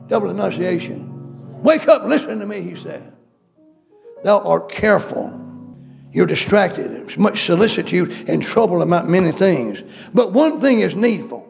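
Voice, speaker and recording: Faint music sits behind a male preacher whose high, creaky voice is expressive and paced normally. Preaching emphatically in church, he repeats himself and throws questions out to the congregation.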